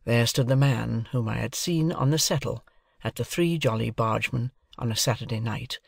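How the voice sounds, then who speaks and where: A man reading a classic novel as audiobook narration, in a measured, deliberate manner. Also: medium pitch, gravelly, darkish tone, no echo, studio quality.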